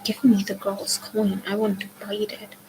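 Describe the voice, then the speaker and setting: A woman reading as a shrill bickering old hag. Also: completely flat delivery, measured pace, background noise, lightly acted. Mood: squabbling. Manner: yelling, bickering. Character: blind squabbling old hag sister, shrill.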